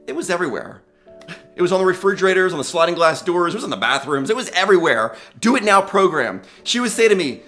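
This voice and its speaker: A man's voice: high voice, very animated, fast talker, fairly bright tone, faint music behind. A gray-haired man giving an upbeat, enthusiastic motivational commencement speech, laughing often. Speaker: commencement speaker. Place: large ceremony hall.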